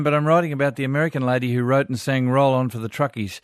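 A man's voice: mid-range voice, fairly even intonation, a little fast, hardly any pauses, dry recording, studio quality, faint music behind. An older Australian man hosting a radio show, reading listener letters with chatty asides. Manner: warm chatty asides, chuckling.

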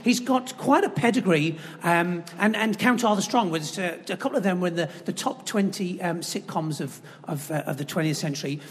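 Man, slightly high voice, eager and halting, stage panel in a long-reverb hall. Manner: enthusiastic, hesitant with fillers. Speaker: comedy course organiser.

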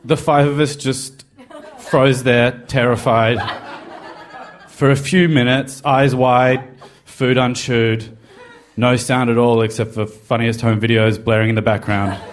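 A man's voice: mid-range voice, level tone, measured pace. A man with an ordinary mid-range voice tells a personal confession in a wry, self-deprecating way. His storytelling is conversational but shaped for listeners. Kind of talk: personal story told to a live podcast.

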